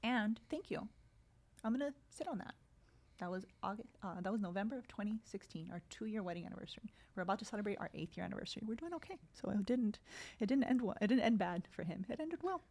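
A woman's voice: medium pitch, fast talker, creaky, a little mellow. A woman in her thirties, a podcast guest in casual conversation, telling stories animatedly and acting out quoted dialogue.

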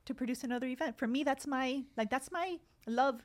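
Guest read: woman, 30s, fairly high voice, animated storyteller who slips into quoted dialogue, casual interview. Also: brisk. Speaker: podcast guest.

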